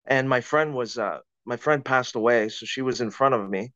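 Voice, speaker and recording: A man's voice: medium pitch, moderate pace, fairly bright tone, dry recording, highs cut off. A man, a podcast guest, telling a personal story in conversation with vivid, dramatic retelling and acted-out quotes.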